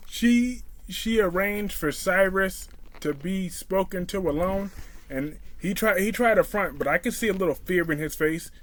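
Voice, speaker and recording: A man's voice: high voice, unhurried. Fired-up ranting male vlogger. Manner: heated, profane ranting; animated, talks straight at the character. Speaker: soap opera reviewer. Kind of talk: casual vlog commentary.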